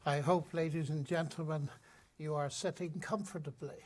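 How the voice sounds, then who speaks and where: An older man from Northern Ireland with a Northern Irish accent, telling his story in a measured, gently humorous way as the guest of a live on-stage interview in a lecture hall. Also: a little high, fairly even intonation, slight background noise. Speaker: guest speaker.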